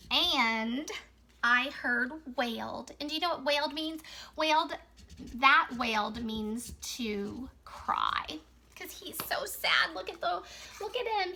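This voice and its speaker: A woman teacher reading a picture book aloud to young children in an animated, sing-song storytime voice. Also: sits high.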